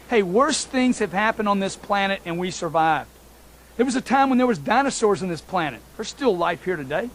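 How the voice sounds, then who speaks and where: High-voiced emphatic male motivational speaker. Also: lively intonation, a little fast, a bit bright, slight background noise. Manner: emphatic, repetitive, addresses listeners as folks. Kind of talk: motivational talk.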